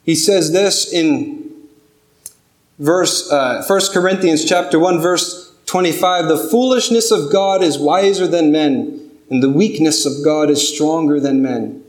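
A man's voice: a little high, unhurried. A man preaching a sermon, earnest and building to pleading intensity. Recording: echoey room.

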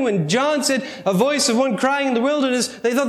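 Man, very high voice, preaching, emphatic scripture reading, wry asides, roomy echo. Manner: reads scripture slowly and emphatically, with mock self-important asides. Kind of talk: sermon reading and explaining scripture.

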